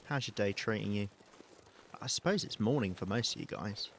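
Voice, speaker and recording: A British man live-streaming a survival game, talking calmly and softly to his chat while he plays. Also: fairly low pitch, normal speed, gravelly, slight background noise. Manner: calm, soft-spoken, chatty with viewers.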